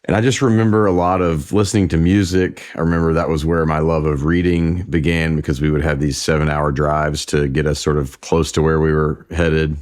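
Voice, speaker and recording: Very deep-voiced man telling stories. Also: fairly quick, few pauses. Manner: relaxed storytelling with restarts. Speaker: singer-songwriter guest. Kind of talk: conversational interview.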